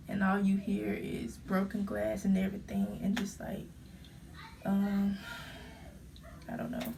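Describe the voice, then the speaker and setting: Young woman fighting back tears, gravelly. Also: mid-range voice, a little mellow, distant mic, slight background noise. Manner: halting, emotional retelling, full of fillers. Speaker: vlogger. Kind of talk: storytime vlog.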